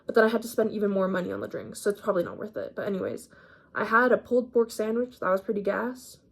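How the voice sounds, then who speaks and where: A woman's voice: medium pitch, expressive, fast talker, creaky. An eighteen-year-old woman talking through her day in a casual, slangy, rambling vlog, a little sick with a cough. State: mildly sick, coughing up phlegm. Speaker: vlogger.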